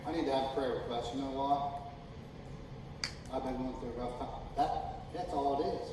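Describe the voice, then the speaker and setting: A man preaching a sermon as pastor, folksy and emphatic, building from calm talk to loud, drawn-out shouting. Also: medium pitch. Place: church sanctuary. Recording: echoey hall, distant mic, noisy.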